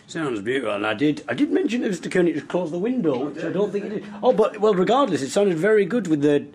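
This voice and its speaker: A man's voice: high voice, fast. A man with a Teesside accent hosting a podcast and bantering with guests in a hotel bedroom. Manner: jokey, teasing, lively banter. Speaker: podcast host. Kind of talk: casual chat.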